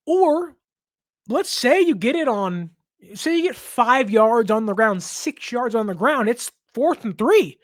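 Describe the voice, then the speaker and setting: An excitable woman hosting a sports podcast, talking through a game in a somewhat high voice. She rants emphatically and keeps cutting herself off to restart. The sound is close and dry. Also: no room sound. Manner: emphatic and excitable, rapid rants with self-interruptions. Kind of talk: casual football analysis commentary.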